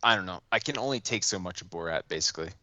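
Lively, bright-voiced male podcast guest. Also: sits low, rapid-fire, no room sound, lo-fi sound. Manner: laughs easily, animated. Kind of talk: casual podcast chat.

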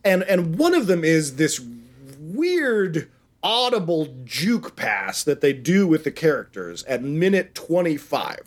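A man's voice: fairly high pitch, big pitch swings, slow. Rambling, profane man retelling a movie. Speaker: podcast co-host. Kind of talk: casual movie chat.

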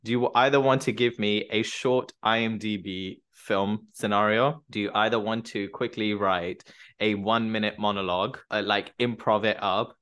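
A man's voice: fairly low pitch, fairly even intonation, moderate pace, a bit bright, smooth. A man hosting a podcast who teasingly gives game instructions and laughs often. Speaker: podcast host. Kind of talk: playful casual interview.

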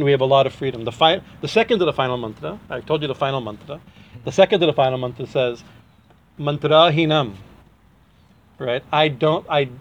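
A man's voice: mid-range voice, dull audio, a little hiss or hum. A man teaching in a chatty devotional talk, often restarting his sentences and chuckling as he explains. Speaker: spiritual teacher.

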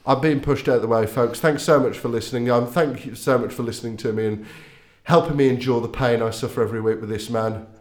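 A man's voice: mid-range voice, fast talker, a little mellow. A man hosting a casual podcast, teasing his co-host and signing off in a jokey, self-mocking way. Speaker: podcast host, newspaper editor. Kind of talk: casual podcast banter and sign-off. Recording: roomy studio echo.

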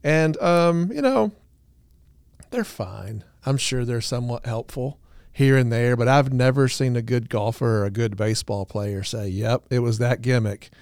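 Smooth-voiced man explaining therapy calmly. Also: mid-range voice, a little slow, dry recording, studio quality. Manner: earnest, explanatory, self-deprecating humor. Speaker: podcast co-host, couples therapist. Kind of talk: casual podcast talk.

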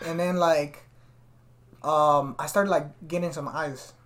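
This podcast host speaks slowly and steadily in a fairly bright, slightly high voice. He keeps the chat laid-back and slangy, telling stories and saying "fool" over and over.

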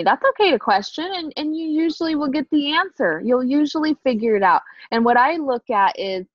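A woman co-hosting a faith podcast, telling a story in an animated way and acting out the dialogue. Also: a little high, moderate pace, no room sound, highs cut off. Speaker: podcast co-host. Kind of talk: casual faith podcast chat.

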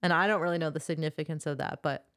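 A woman co-hosting a book podcast, chatting through a plot recap. Her voice sits a little low, recorded dry and close with no room sound. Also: fairly even intonation, quick pace, a bit bright, no echo. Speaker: podcast co-host. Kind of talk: casual book-club chat.

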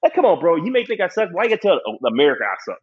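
A man's voice: high-pitched, sing-song, racing, slightly rough. A man in a casual sports chat, ranting heatedly and profanely and mocking people with quoted voices. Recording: dull lo-fi recording.

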